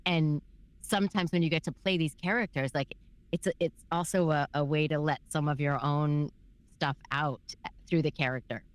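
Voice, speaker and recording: A woman voice actor chatting casually in an interview, talking in a loose, filler-heavy, animated way. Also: low-pitched, moderate pace, no echo. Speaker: voice actor guest.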